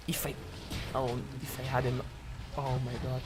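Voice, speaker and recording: A man giving let's-play commentary on a game, breaking into excited, swearing outbursts at the action. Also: medium pitch, normal speed, over music. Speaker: gameplay commentator.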